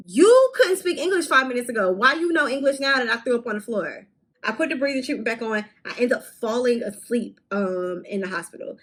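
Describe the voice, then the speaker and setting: A young woman in her twenties, telling a storytime vlog in a candid, animated way with casual swearing. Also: on the high side, fairly quick, slightly rough, low-quality recording. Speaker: vlogger.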